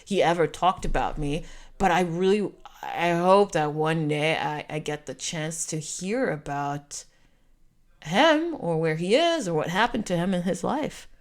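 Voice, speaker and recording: A woman's voice: fairly low pitch, measured pace. A Canadian woman in her forties telling a personal travel story to camera in an emotional, repetitive, heartfelt way. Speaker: vlogger. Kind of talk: storytime monologue.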